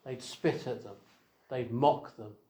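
A man preaching an evangelistic sermon, asking rhetorical questions and swinging between quiet asides and raised emphasis. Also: medium pitch, takes it slowly. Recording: echoey hall.

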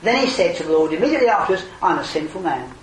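An older man preaching an earnest evangelistic sermon, his voice swelling to emphatic calls and then falling quiet. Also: on the high side, big pitch swings, rapid-fire, a little hiss or hum. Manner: earnest, rising to emphatic exclamations then dropping soft. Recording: roomy hall, distant mic, faint ambience.

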